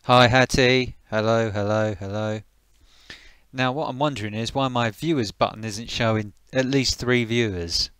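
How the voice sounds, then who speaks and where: A man's voice: medium pitch, fairly even intonation, moderate pace, fairly bright tone, clean tone, dry recording. A man casually chatting on a live stream, greeting viewers by name and thinking aloud as he tweaks his settings.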